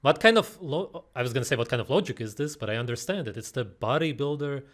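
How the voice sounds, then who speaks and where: A man's voice: medium pitch, expressive, quick pace, a bit bright. A man giving mocking, sarcastic reaction commentary on a video. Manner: scornful, sarcastic.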